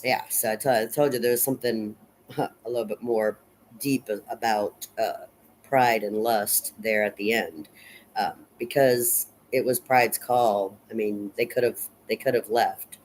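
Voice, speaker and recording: A man's voice: on the low side, fairly even intonation, measured pace, slight background noise, low-quality recording. A man casually recapping and analyzing a horror movie. He rambles, fills gaps with lots of "uh" and "um", restarts phrases and swears now and then. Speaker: film reviewer.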